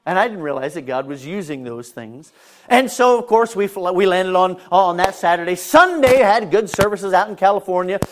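During a sermon, a male pastor shares a personal story at normal speed, his voice sitting high and expressive. He shifts back and forth between self-mocking humor and quiet, earnest passages.

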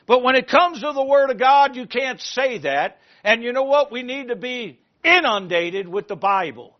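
A man preaching a sermon, retelling a story in an animated way and asking the congregation questions. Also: very high voice, normal speed. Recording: muffled lo-fi recording.

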